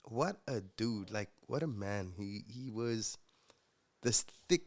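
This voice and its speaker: A man from Africa, a podcast guest telling his story in a casual, reflective way, pausing with fillers and restarts. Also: lowish voice, lively intonation. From South Africa.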